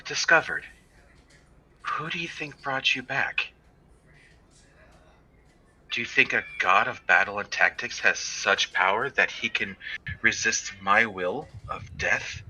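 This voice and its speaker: A man voicing a female death goddess with a breathy, whispery, imperious delivery. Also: lowish voice, takes it slowly, pauses often, bright, forceful tone, exaggerated voice, rough recording. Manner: cold, imperious.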